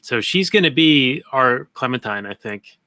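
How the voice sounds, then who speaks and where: Easygoing guy chatting on a podcast, smooth voice, dry sound. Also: mid-range voice, animated, a little slow, bright, forceful tone, no echo. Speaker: podcast co-host. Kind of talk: casual discussion.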